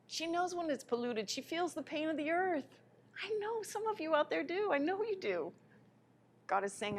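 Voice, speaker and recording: A woman giving a live spiritual lecture in an impassioned way, her voice swinging between soft, quiet passages and sudden loud ones. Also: high-pitched, sing-song, normal speed.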